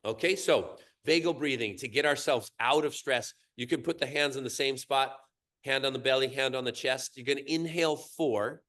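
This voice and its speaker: A middle-aged man teaching in a workshop, explaining and counting through a slow breathing exercise in a calm, measured way. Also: mid-range voice. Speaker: qigong teacher.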